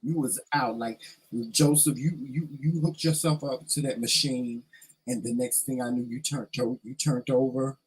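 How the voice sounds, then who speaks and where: A man co-hosting a casual home vlog, chiming in with brief, low-key remarks from away from the mic. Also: fairly even intonation, moderate pace, husky, low-quality recording. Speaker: vlog co-host. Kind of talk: casual chat. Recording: off-mic in the room.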